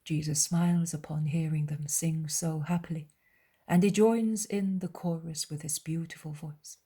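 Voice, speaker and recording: A woman narrating a dramatized audiobook in a soft, hushed way. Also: low-pitched, fairly even intonation, normal speed, breathy edge.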